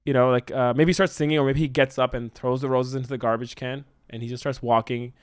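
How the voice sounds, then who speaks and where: A man brainstorming a story in casual chat, excitedly acting out the characters' lines. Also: medium pitch, fast, smooth, no room sound. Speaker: co-host writing a musical.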